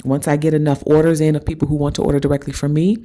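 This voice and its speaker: A woman with a low, mellow voice delivers a spiritual motivational monologue as host. She repeats her points with insistence and keeps checking in with her listeners. She stretches out key words to give them dramatic weight. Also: little pitch movement. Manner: emphatic and repetitive, with frequent "okay?" check-ins; slows down and drags out words for dramatic stress.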